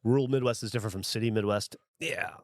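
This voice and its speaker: Deep-voiced man chatting on a livestream. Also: fairly even intonation, fast, no echo. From Southern United States. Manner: rambling and conversational, with frequent casual swearing. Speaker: livestream host. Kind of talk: casual livestream chat, answering viewer comments.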